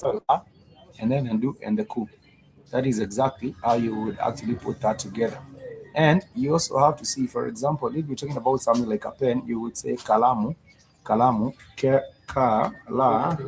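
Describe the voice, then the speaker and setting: A man's voice: medium pitch, background noise. A man teaching a live-streamed language lesson, patiently repeating words and breaking them into syllables. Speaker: Swahili teacher.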